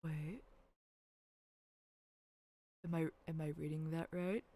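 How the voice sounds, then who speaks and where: A woman gives casual gameplay commentary to her chat while livestreaming, rambling, giggling and squealing over cute characters. Her voice is low, warm and steady, her pace slow, with a little hiss or hum in the background.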